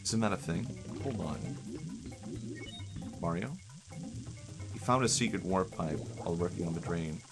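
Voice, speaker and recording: Low-voiced guy streaming a game, rambly and jokey, game music going behind him. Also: measured pace, creaky, pauses often. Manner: rambling, jokey, thinks aloud. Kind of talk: casual gameplay commentary.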